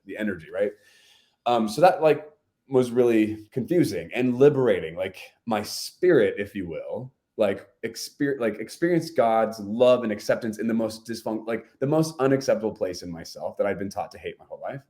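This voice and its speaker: Podcast guest, male, lowish voice, earnest storyteller, conversational, leans on fillers. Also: lively intonation, normal speed, warm tone.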